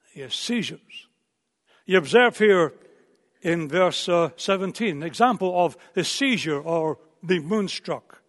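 A high-pitched male preacher delivers a sermon, telling the story and sometimes repeating words as he presses a point. His voice carries a long reverb, as if recorded in a large church hall.

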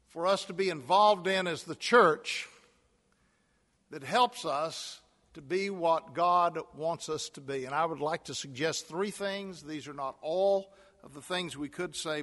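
Long hall reverb surrounds a pastor's fairly high, slightly bright voice. His sermon moves from a personal story toward emphatic calls he repeats again and again.

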